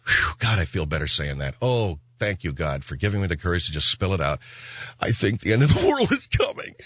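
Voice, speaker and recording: A man hosting a radio talk show delivers a rambling, animated comic monologue, slipping into mock voices. He speaks fairly quickly in a low-sitting voice, with no room sound.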